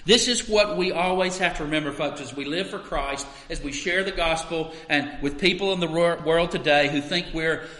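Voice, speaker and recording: A male pastor preaching a sermon, emphatic, swinging between loud stresses and quiet asides. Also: a little high, moderate pace, few pauses. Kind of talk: expository sermon. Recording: echoey hall with long reverb.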